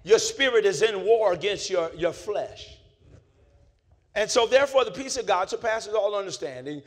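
A man preaching a sermon as pastor, pulling the congregation into call-and-response and swinging between low, quiet talk and shouting. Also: expressive, normal speed.

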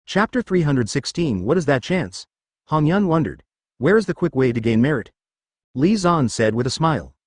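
A man narrates a web novel in an even, machine-like way. His pitch rises and falls a lot. The sound is dry and close. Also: moderate pace, dry recording. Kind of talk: text-to-speech novel reading.

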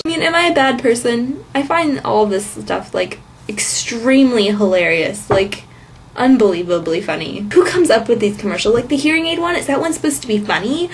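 A woman's voice: on the high side, lively intonation, fairly quick, a little hiss or hum. Giggly, rambling woman vlogger. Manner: giggly, rambling, filler-heavy. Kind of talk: casual chatty vlog monologue.

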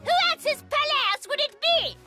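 A woman's voice: very high-pitched, lively intonation, unhurried. A woman voicing a spoiled, vain teenage girl who talks in a bossy, demanding way. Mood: imperious. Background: cartoon music score.

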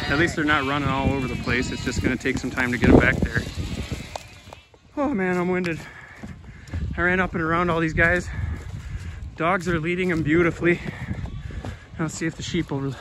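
A man farmer chatting casually while herding his flock outdoors, rambling and talking to his animals. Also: a little high. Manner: folksy, rambling, talks to the animals. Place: outdoors on a farm hillside and woods. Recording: outdoor noise with sheep bleating. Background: sheep bleating.

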